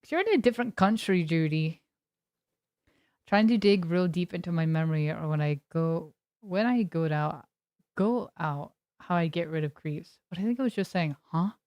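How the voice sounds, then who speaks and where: A woman's voice: lowish voice, expressive, normal speed, a little mellow, no echo, clean studio sound. A young adult woman streaming as a variety streamer, chatting casually with her viewers in a rambling, talkative way and laughing often. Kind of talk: casual chat with live viewers.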